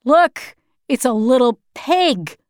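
A woman's voice: fairly high pitch, expressive, slow, clean tone, dry recording, studio quality. A woman voicing a cruel, mocking male officer who jeers and barks orders. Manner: jeering and barking orders.

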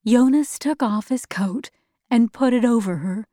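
A woman narrating a story in the first person, measured and plain. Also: on the high side, mellow, dry recording, clean studio sound.

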